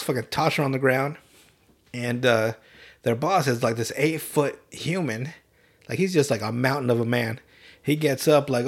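A man chatting casually about an anime he watched as a kid, cursing freely as he tells it. He keeps dropping into short voiced bits for the characters. His voice sits in an ordinary middle pitch. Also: husky. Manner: profane, animated retelling with quick voiced asides. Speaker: podcast host. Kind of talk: casual chat, recapping an anime.

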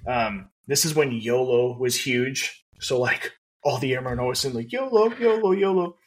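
Husky podcast guy telling a story, casual, laughs a lot, mid voice. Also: medium pitch, moderate pace. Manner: laughs often, lots of fillers, animated retelling. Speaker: podcast co-host.

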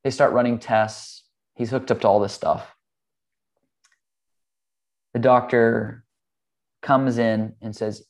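A man's voice: medium pitch, takes it slowly, pauses often. A man who teaches meditation, speaking earnestly and casually as he explains ideas and tells a personal story, with the odd "um" and "like". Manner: earnest, relaxed, with "like" and "um". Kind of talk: conversational storytelling.

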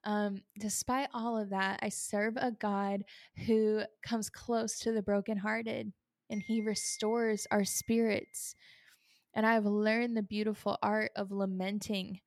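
Slow and flat in delivery, this podcast host's mid-range, darkish voice carries a personal faith talk about sorrow. She speaks earnestly and confessionally, fighting back tears, in a clean studio recording with no echo.

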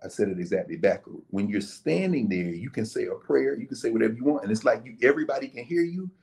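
Speaking quickly at medium pitch with some vocal fry, a man appears as a guest and tells his explanation like a lively story. He occasionally acts out people's quotes.

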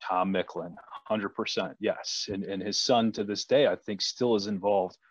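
A man's voice: on the low side, fairly even intonation, moderate pace, no echo, dull audio. A man hosting a casual chat, telling stories with frequent restarts and repeated words. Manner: storytelling, many restarts.

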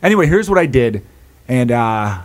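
A man's voice: mid-range voice, sing-song, moderate pace. A young adult man hosting a podcast from a pub, rambling and self-deprecating in casual chat. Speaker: podcast host.

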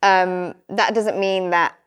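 A woman's voice: fairly low pitch, takes it slowly, smooth. Candid young woman in casual chat. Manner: candid, animated, quotes herself and her partner in playacted voices. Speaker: podcast guest.

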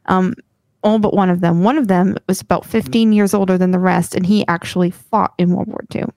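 A woman's voice: on the low side, steady tone, fairly quick, dark tone, no room sound. A woman co-hosting a podcast who tells a story from her notes in a loose, giggly way, often stumbling over her words. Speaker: podcast co-host. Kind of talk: casual podcast chat, telling a story from notes.

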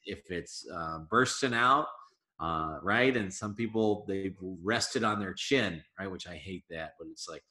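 A man, a comedian guest on a casual podcast interview, talking in an animated, emphatic way. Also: low-pitched, measured pace, roomy sound. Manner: animated, emphatic advice-giving.

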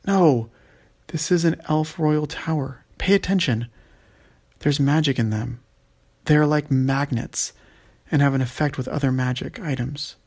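A man's voice: on the high side, a little slow, a little mellow, slightly rough. A man voicing a sly, impatient female elf who lectures her companions.

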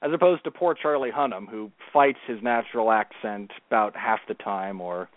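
Measured man as a podcast guest. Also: fairly low pitch, no echo. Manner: measured, articulate, considered. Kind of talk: casual movie chat. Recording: tinny phone-like dry sound.

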